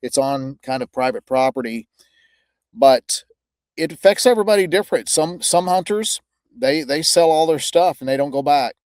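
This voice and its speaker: A male podcast host talking earnestly and haltingly, searching for his words in casual interview talk. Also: a little high, a little mellow, no echo.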